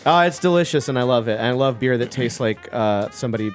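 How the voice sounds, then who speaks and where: Male co-host with a cold, dry exaggerating humor, animated, faint music under. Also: mid-range voice, fast talker. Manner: wry, exaggerated descriptions. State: has a cold. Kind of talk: casual comedy banter.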